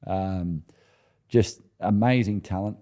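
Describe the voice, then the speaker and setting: A man in his forties with an Australian accent, a former rugby player telling stories in a relaxed podcast interview, often restarting and chuckling. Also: low voice, takes it slowly. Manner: laid-back, chuckling anecdotes with many restarts. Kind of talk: casual storytelling interview.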